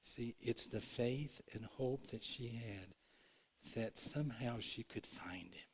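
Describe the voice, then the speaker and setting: A man preaching a sermon in a church, earnest, moving between loud and hushed, acting out the quotes he tells. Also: mid-range voice, takes it slowly, breathy edge. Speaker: pastor. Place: church sanctuary.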